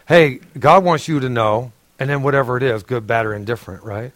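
A man's voice: mid-range voice, quick pace, few pauses, a bit bright, no echo. Male pastor preaching in a casual storytelling way. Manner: conversational storytelling, frequent throat clearing and laughter. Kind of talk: sermon.

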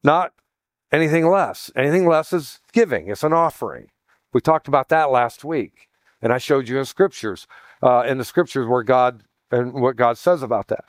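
A man's voice: medium pitch, normal speed, dry recording, studio quality. A man preaching a sermon as pastor, teaching in a chatty way, calling his listeners "guys" and often restarting his sentences.

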